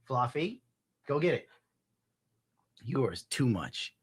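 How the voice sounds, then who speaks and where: Profane, rambling male streamer, lively pitch. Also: slow pace, breathy edge, dry recording. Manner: profane, rambling, laughs often; scolds his dog loudly mid-talk. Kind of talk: casual rant on a live stream.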